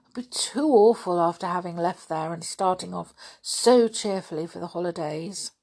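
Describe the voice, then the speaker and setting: A woman's voice: on the low side, normal speed, a little mellow. Woman reading as a fretful little girl. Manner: fretful, thinking aloud. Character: worried young schoolgirl.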